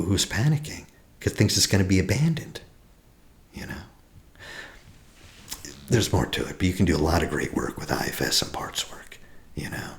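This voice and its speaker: A man in his forties who practices attachment healing speaks in a deep voice during a reflective teaching talk. He asks questions and frequently sinks into a soft whisper.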